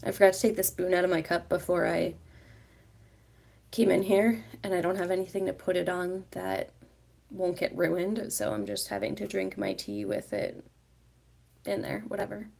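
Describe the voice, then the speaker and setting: A woman's voice: mid-range voice, steady tone, moderate pace, creaky, darkish tone. A woman vlogger chatting casually on a livestream, rambling with many fillers and restarts. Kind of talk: casual live chat.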